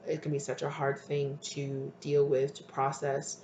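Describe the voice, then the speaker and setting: A tarot reader doing an intuitive reading for viewers, talking tenderly and hesitantly and sometimes dropping to a breathy near-whisper. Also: medium pitch, monotone, a little slow. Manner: soft, tender, hesitant, calls listeners "my love". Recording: roomy with faint ambient noise.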